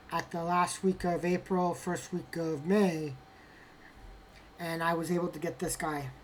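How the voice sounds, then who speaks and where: This is casual unboxing commentary: a woman with a lowish voice opens graded trading cards while talking to herself as she handles them. She bemoans poor results with mock drama, against slight background noise.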